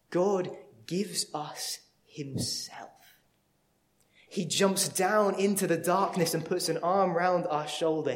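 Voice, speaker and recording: Pastor preaching; earnest, animated storyteller, voice on the higher side. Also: male voice. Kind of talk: sermon.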